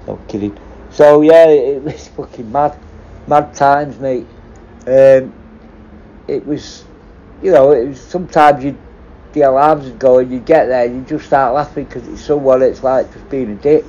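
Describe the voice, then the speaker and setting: A man's voice: medium pitch, steady tone, normal speed, dark tone, muffled recording. Sweary man telling prison stories. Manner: sweary, rambling, laughs at his own stories. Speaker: former prison officer and hostage negotiator. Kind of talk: casual storytelling.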